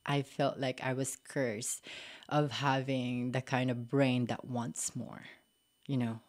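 Filipino lady on a podcast, super low voice for a woman, chatty and open, lots of "like, you know". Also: flat delivery, slow pace. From Philippines. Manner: candid and reflective, frequent "like, you know", laughs often. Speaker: podcast guest. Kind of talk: casual interview conversation.

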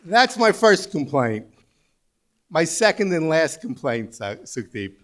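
Brief: sixties male executive, slightly high voice, dry self-mocking after-dinner humor at a banquet. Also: big pitch swings, unhurried, fairly bright tone. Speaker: company CEO giving a dinner speech. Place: large banquet hall.

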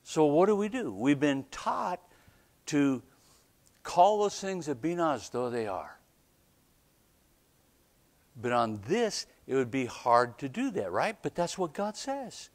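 A man preaching a storytelling sermon as a pastor, animated, often checking in with "right?" and laughing between lines. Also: a little high, slow pace, pauses often. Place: church.

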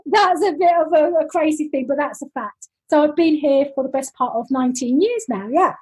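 High-voiced, chatty London woman. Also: a little fast, a little mellow, poor audio. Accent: London English. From London, England. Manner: chatty and upbeat, laughs easily. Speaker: guest, teacher educator. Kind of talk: casual interview chat.

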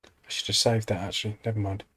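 A man's voice: on the low side, little pitch movement, quick pace, a bit bright, breathy edge. An English man hosting a let's play, chatting casually over gameplay with self-deprecating asides.

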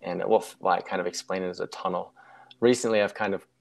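A man's voice: low voice, steady tone, quick pace, vocal fry. A young man telling a personal story in a casual interview, reflective and rambling, often correcting himself mid-sentence. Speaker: guest sharing a near-death story.

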